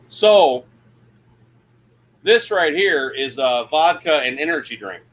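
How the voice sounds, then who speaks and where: A man's voice: fairly high pitch, animated, slow, fairly bright tone. A man hosting a casual livestream from his camper, rambling, laughing at himself and reading chat comments aloud. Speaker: livestream host. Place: RV camper interior at a campground.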